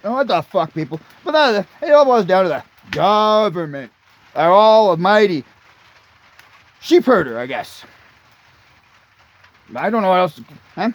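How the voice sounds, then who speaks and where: A man's voice: high-pitched, big pitch swings, unhurried, long pauses, muffled recording. A man in his late thirties, ranting angrily and crudely, swearing constantly as he rambles. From Canada. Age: 30s. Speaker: vlogger. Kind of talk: profane rambling rant.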